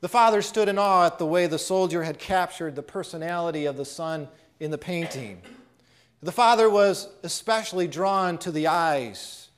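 A male preacher who tells a story with a high voice. He speaks in a dramatic way and drops almost to a hush on his key lines. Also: moderate pace. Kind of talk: sermon storytelling.

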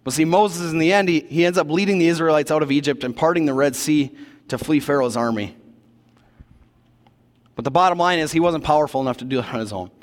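A man preaches in a church, telling the story with a relaxed, chatty energy and slang tossed in. His voice sits a little high for a man. It rings out with the long reverb of a big hall. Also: fast talker. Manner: casual, animated retelling of scripture, slangy asides. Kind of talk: sermon.

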